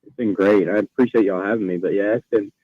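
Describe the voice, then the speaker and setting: A young man, a college golfer calling in as a guest, relaxed and plain-spoken. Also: lowish voice, quick pace, husky, dry recording. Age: young adult. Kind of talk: phone interview. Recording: dull phone-in line.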